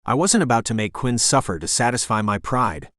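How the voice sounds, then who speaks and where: A man narrating a romance audiobook in the first person, in an even storytelling manner. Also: medium pitch, brisk, no room sound, clean studio sound.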